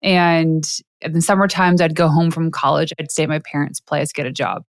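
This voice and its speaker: A woman hosting a podcast interview, telling lively personal stories and laughing often. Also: deep voice, moderate pace, no echo, studio quality. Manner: animated storyteller, laughs often. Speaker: podcast host. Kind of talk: casual interview chat.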